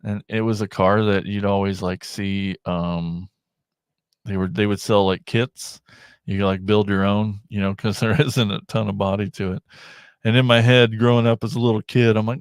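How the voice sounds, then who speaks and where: A man's voice: lowish voice, level tone, moderate pace, smooth, no echo, clean studio sound. A male podcast host chatting casually on a livestream, rambling and restarting his sentences.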